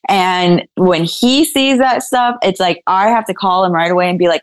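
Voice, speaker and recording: A woman with a slightly low voice talks frankly and earnestly in a casual chat, laughing now and then. She sounds close to the mic in a dry space. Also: normal speed, clear, resonant tone, no echo. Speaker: guest content creator.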